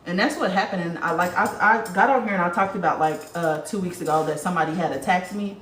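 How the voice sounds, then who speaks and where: At a quick pace and fairly low pitch, a woman reads viewer comments on her informal spiritual livestream, cursing freely and speaking in a blunt, lively way. Her recording sounds roomy, with her set back from the mic.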